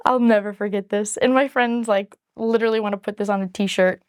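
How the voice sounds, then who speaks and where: A woman's voice: mid-range voice, fairly even intonation, brisk, few pauses, clear, resonant tone, no echo, clean studio sound. A woman speaking frankly and earnestly to camera as she tells her own story in a casual vlog. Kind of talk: candid personal storytelling to camera.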